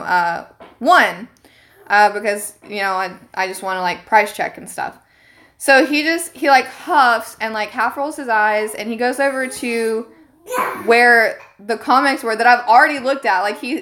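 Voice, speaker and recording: A young woman streamer telling a story to her viewers in casual chat, animated, indignant and swearing freely. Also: fairly high pitch, slight background noise.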